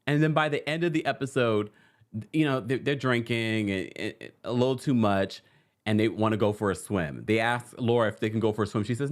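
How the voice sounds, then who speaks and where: A man's voice: medium pitch, a little fast. A man hosting a casual reality TV recap. He laughs often and acts out quotes from the show in put-on voices. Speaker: host.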